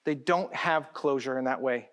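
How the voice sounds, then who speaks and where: A man's voice: medium pitch, moderate pace, fairly bright tone. A middle-aged man giving a conference keynote speech, talking directly to the audience and joking with them.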